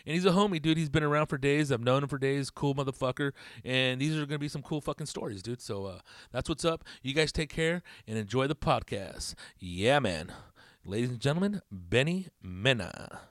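A man's voice: medium pitch, fairly quick, few pauses, fairly bright tone, clean tone, dry recording, studio quality. A man hosting a podcast in casual chat, rambling, swearing a lot and laughing at his own jokes. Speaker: podcast host.

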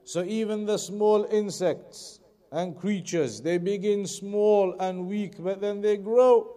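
High-voiced man teaching Quran commentary. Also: dark tone. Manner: reads Arabic text quickly, then explains slowly with repetition. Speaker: Islamic teacher. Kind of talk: Quran commentary lesson, reading Arabic then explaining in English.

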